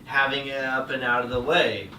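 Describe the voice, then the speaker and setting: A man's voice: mid-range voice, steady tone, normal speed, bright, forceful tone. A young man in casual podcast chat, telling crude stories and laughing through them. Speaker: podcast host. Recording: echoey room from far off with noise.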